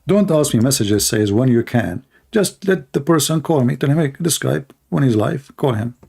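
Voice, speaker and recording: A man hosting a call-in livestream, talking casually, mocking and laughing at callers and repeating words in quick bursts. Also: mid-range voice, animated, creaky, warm tone, slightly rough. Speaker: livestream host taking calls.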